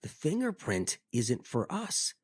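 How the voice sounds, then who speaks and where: A man's voice: medium pitch, wildly swooping pitch, slow pace, slightly rough, no room sound, studio quality. A man delivering a scripted health monologue, telling it vividly with emphatic repetition. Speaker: health speaker.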